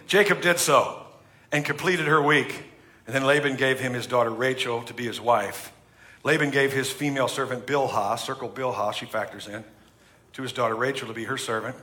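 Bright-voiced joking male preacher. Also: medium pitch, brisk. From United States. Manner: humorous, chatty preaching with acted-out quotes. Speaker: pastor. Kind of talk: sermon.

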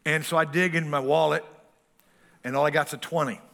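A man's voice: on the high side, fairly even intonation, fairly quick, creaky, fairly bright tone. A man in his sixties preaching a sermon as pastor, folksy and full of stories.

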